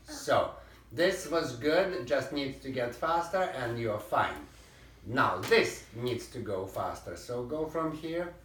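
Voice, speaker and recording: A man's voice: medium pitch, animated, slow, fairly bright tone, a little hiss or hum. Man coaching a violin lesson, roomy. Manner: sings rhythms and calls out commands over playing. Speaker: violin teacher. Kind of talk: private music lesson coaching. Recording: roomy and distant, violin playing behind.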